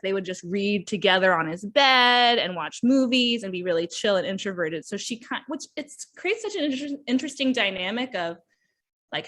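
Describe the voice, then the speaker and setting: A woman's voice: mid-range voice, fairly bright tone. Chatty woman hosting a book podcast. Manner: chatty, often acts out characters' lines. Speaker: podcast host reviewing books. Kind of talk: casual book review chat.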